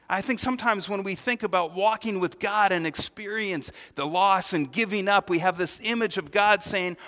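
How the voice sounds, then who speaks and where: A man preaching a sermon, animated, often repeating his words and acting out the quotes he tells. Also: sits high, moderate pace, hardly any pauses, in a large hall. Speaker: pastor.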